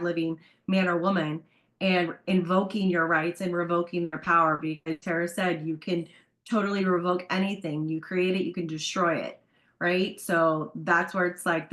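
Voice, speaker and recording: Animated, enthusiastic woman co-host. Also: on the low side. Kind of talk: casual chat on a community call.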